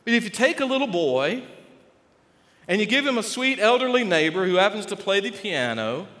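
A man preaching a sermon, animated and folksy, joking with the congregation. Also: sits high, moderate pace. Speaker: pastor. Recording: long reverb of a large hall.

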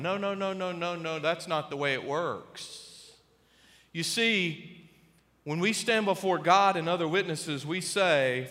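A man preaching a sermon to a church congregation, emphatic, with dramatic pauses and sudden swings between loud and soft. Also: high-pitched. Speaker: pastor. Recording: long reverb of a large hall.

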